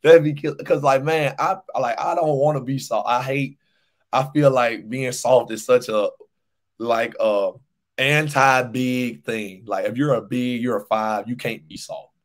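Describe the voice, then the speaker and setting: A man's voice: mid-range voice, measured pace. A young man co-hosting a casual sports podcast, ranting animatedly and repeating his points for emphasis. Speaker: podcast co-host.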